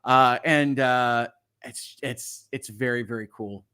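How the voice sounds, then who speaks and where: A middle-aged man hosting a legal livestream, reading viewer comments aloud in a halting, earnest way that often repeats words. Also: mid-range voice, fairly even intonation, pushed and bright, smooth. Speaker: legal channel host.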